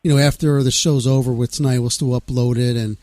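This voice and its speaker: A man's voice: medium pitch, fairly even intonation, fast talker, darkish tone, no echo. A man hosting a casual radio show, rambling and laid-back, reading out press notes and chatting with a caller.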